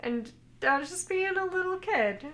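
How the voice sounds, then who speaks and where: Bright-voiced woman co-hosting a podcast. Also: very high voice, animated, a little slow. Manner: retells scenes, quoting characters in her own voice. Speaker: podcast co-host. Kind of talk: casual chat recapping an anime.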